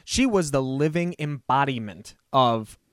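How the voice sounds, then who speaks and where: A man casually discussing a movie as a podcast co-host, chatty and animated with frequent fillers. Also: medium pitch, a little slow, dry recording, clean studio sound.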